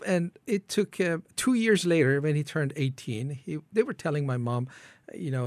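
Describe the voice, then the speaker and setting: A man's voice: mid-range voice, normal speed, a little mellow, dry recording. A man from Iran, founder of a ministry, tells his life story as an interview guest, earnestly acting out his own prayers.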